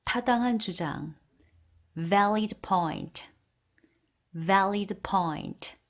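Reading slowly and deliberately from an English vocabulary list, a woman says each Korean term and then repeats the English phrase twice. Her voice is mid-range.

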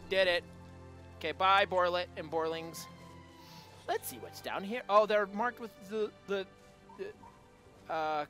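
A man giving goofy, rambling commentary while playing a video game, talking to the creatures on screen and yelling now and then. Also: sits high. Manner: goofy, talks to game creatures, sudden yells. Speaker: gameplay video host. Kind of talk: let's play commentary.

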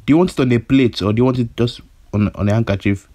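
A man's voice: medium pitch, fast, warm tone, natural voice. A prank caller voicing a hot-headed male kidnapper who stammers and repeats himself, his threats escalating. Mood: deadpan menace. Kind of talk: prank phone call.

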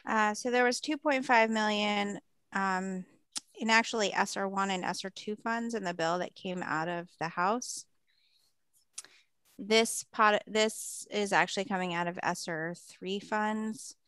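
A woman's voice: mid-range voice, unhurried, fairly bright tone, smooth, dry recording. A woman explaining funding details in a committee meeting, careful and methodical.

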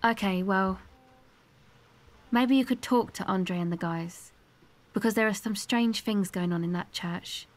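A woman's voice: mid-range voice, measured pace, pauses often, close to an everyday voice. An actress playing a guarded, streetwise young woman in a game, giving blunt, evasive answers. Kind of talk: game dialogue.

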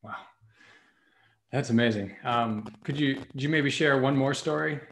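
Male interviewer, gravelly voice, hesitant and polite, off-mic in a roomy space. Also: mid-range voice, a little slow, a bit bright. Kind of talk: casual interview questions. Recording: echoey room, away from the mic.

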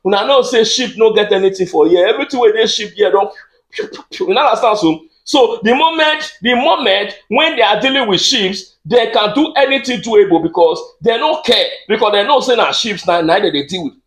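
Man, Nigerian accent, very high voice, comic monologue, excitable, stumbles over repeats, echoey room. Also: a little fast. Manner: excitable, rambling, stammering repeats. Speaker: comedian.

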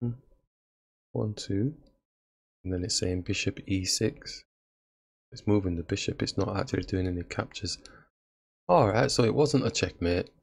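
A man's voice: deep voice, moderate pace, vocal fry, long pauses, breathy edge. A man giving casual commentary on his own chess game, laughing at his own blunders. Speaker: chess streamer.

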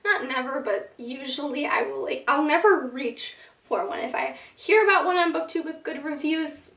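Gushing high-voiced young woman in an echoey room. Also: gravelly, sharp tone, distant mic. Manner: chatty and gushing, heavy use of "like", quick dramatic asides. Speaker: book vlogger. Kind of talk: casual talking-to-camera vlog. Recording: echoey room, slightly off mic.

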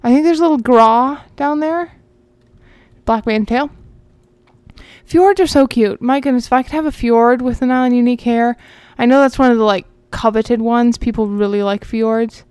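A woman's voice: fairly high pitch, steady tone, moderate pace, a little mellow, clean tone, dry recording. A woman, chatting casually to viewers as she plays a horse game, rambling and talking to herself along the way. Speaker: gaming channel host. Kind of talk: casual gameplay commentary.

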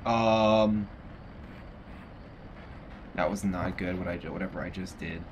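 A man's voice: deep voice, steady tone, takes it slowly, slight background noise. A young man hosting a casual video game playthrough, chatting and reading game text aloud with frequent restarts. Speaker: gaming video host. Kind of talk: casual let's play commentary. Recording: game music behind the voice.

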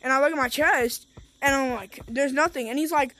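A woman with a high, slightly bright voice vlogs at a moderate pace while playing a VR game over a headset mic. Her gameplay chatter is casual and rambling, with chatty stories crammed with fillers.

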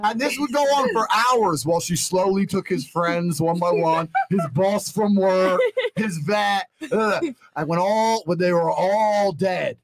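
A man telling a story as a podcast guest, swinging between low mutters and loud high bursts. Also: unhurried. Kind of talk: casual storytelling. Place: podcast studio. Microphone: studio mic.

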